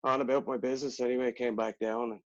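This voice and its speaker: A man's voice: mid-range voice, level tone, racing, lo-fi sound. A man from Ireland, a pub owner spinning a rambling bar story as a podcast guest. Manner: rambling, chatty yarn spinner. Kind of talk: casual storytelling.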